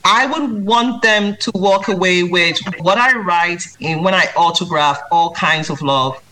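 A woman speaking as a children's book author in an interview. She talks earnestly and with emphasis. She turns lively when she mimics reading aloud to a child. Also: on the low side, measured pace, a little hiss or hum, rough recording. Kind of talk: interview answers.

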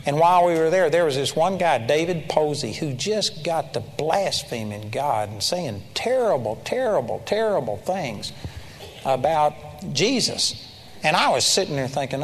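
Older guy preacher telling stories, lively, church echo and faint room hum behind. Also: fairly high pitch, moderate pace. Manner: animated storyteller, bursts into loud praise shouts. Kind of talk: sermon with personal stories. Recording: church hall reverb with faint ambience.

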